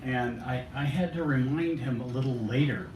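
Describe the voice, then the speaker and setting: A man's voice: normal speed, a little hiss or hum. A man at a cafe open mic with a genial, storytelling manner, greeting the room and reciting a rhyming poem. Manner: genial, storytelling, animated pitch. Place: small cafe indoors. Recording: roomy cafe, distant mic.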